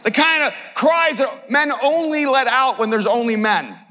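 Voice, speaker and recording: A middle-aged man preaching from a stage in a large conference hall, his voice notably high and bright. He tells the story with humor and bursts into shouted lines. A long hall reverb trails each phrase. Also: moderate pace, a little hiss or hum. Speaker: pastor. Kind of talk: sermon.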